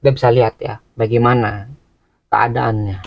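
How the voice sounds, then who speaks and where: Fast, gravelly male commentator. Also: mid-range voice, steady tone, muffled recording. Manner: explanatory, full of fillers. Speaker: reaction video host. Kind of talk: casual commentary.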